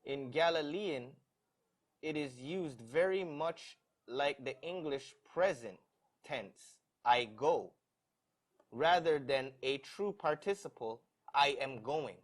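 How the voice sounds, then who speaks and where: A man reading passages aloud in a church Bible study, haltingly, stumbling over words. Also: a little high, animated.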